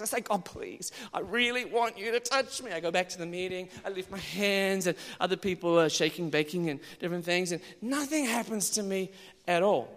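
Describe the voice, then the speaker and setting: A man preaching a sermon, telling his own testimony in an animated way, moving from hushed passages to loud ones. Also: high-pitched. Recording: long church reverb.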